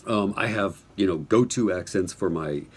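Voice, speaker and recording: A man's voice: sits low, moderate pace, slight background noise. A middle-aged man from New Mexico, an audiobook narrator, answering interview questions casually from his home studio, rambling and joking as he goes. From Albuquerque, New Mexico, US.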